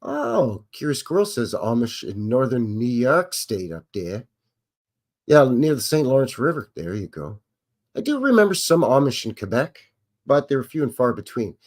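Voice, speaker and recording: This middle-aged man from Canada runs a relaxed livestream, talking at a normal speed over old footage in a loose, off-the-cuff way. He rambles, chats with viewers and welcomes them by name, his pitch swinging broadly up and down.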